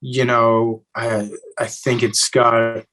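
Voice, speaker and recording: A young adult man from Eastern Kentucky, answering interview questions in a relaxed way with many fillers and restarts. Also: mid-range voice, takes it slowly, poor audio. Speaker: actor guest.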